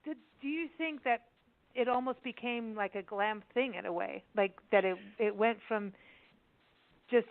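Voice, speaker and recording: Woman in her fifties, radio host, grew up in Kenya, lively and chatty, lots of laughter, slightly high voice, tinny lo-fi line. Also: measured pace. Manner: animated and talkative, laughs often, many "like" fillers. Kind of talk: casual radio interview. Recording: tinny phone-like sound.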